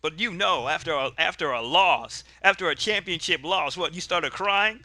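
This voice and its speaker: A man's voice: fairly high pitch, normal speed, pushed and bright, no echo, voice pushed up. A man voicing a boastful male pro wrestling champion who taunts and mocks a beaten rival in a tabletop game. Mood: mocking. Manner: mocking, jeering.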